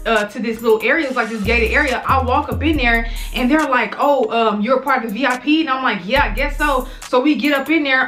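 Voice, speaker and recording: Young woman, vlogger, casual story time, rambling, profane, fairly high voice, faint music behind. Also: fairly bright tone. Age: young adult. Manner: rambling, profane, with many "like"s and acted-out quotes.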